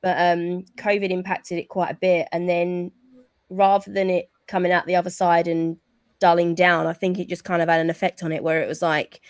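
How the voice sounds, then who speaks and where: A woman's voice: fairly low pitch, flat delivery, normal speed, clear, resonant tone, no echo, studio quality. A woman with a British accent, a wrestler guest chatting casually in an interview and laughing easily. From United Kingdom.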